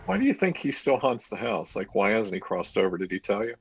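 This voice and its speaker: A man's voice: lowish voice, brisk, breathy edge. A man who is a paranormal investigator, chatting casually on a video call and telling a story animatedly. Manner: animated storyteller, acts out dialogue. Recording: muffled lo-fi video call audio.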